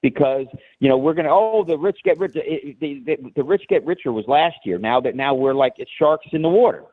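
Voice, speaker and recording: A man from New Jersey calling in to a show, rambling and halting with many restarts. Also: a little high, lively intonation. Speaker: caller. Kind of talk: call-in rant. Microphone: phone. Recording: tinny phone line.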